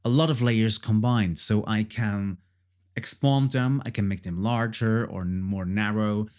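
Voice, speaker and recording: A man's voice: lowish voice, fairly even intonation, measured pace, darkish tone. A man casually walking through his own song project as a producer, chatty and repeating himself with frequent fillers. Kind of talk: casual tutorial walkthrough.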